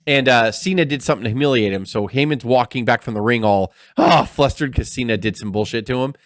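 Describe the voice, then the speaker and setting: A man's voice: mid-range voice, fast, dry recording, clean studio sound. A man co-hosting a casual wrestling podcast, telling stories with animation and acting out the people he quotes. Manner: animated storyteller who acts out quoted people. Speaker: podcast co-host. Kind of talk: casual chat.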